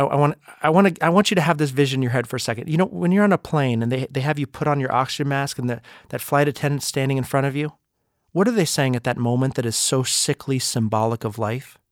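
A man's voice: fairly high pitch, dry recording, clean studio sound. A man hosting a podcast, giving an emphatic motivational talk full of rhetorical questions. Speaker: podcast host and speaker.

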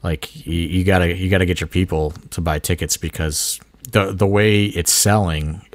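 Deep-voiced man rambling on a podcast. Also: steady tone, normal speed, no room sound, clean studio sound. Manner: rambling, heavy on filler phrases like "you know". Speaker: wrestling promoter and podcast co-host. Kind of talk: casual podcast chat.

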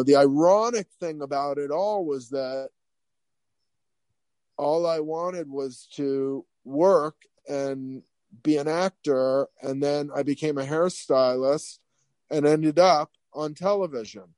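A middle-aged man, a hairstylist, telling stories in an interview with lots of restarts and animated asides. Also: fairly high pitch, slow, clean tone, no room sound. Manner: rambling, animated, many restarts. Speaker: guest, hairstylist. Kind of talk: casual interview storytelling.

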